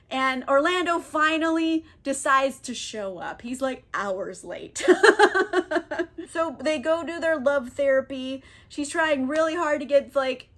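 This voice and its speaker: A woman recapping a play in a casual comedic way, rambling, exasperated and laughing, high. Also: fairly bright tone. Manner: rambling, exasperated, laughing, acts out quick character voices. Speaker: book reviewer.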